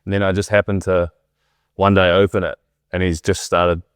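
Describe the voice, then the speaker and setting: A man's voice: deep voice, flat delivery, moderate pace, smooth, no echo, clean studio sound. A man, a guest cricketer, telling a story in a laid-back, casual way. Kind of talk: casual podcast conversation.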